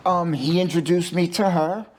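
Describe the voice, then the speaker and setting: A man's voice: high-pitched, fairly even intonation, moderate pace, a little hiss or hum. A middle-aged man, a guest telling stories in a profane, joking way and acting out the people he quotes. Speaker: interview guest. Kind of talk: casual storytelling.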